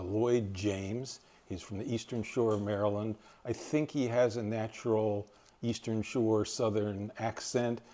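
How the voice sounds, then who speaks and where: A man's voice: lowish voice, warm tone. An older man from East Tennessee giving an informal library talk, rambling and hesitant with many fillers and restarts. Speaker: library lecturer.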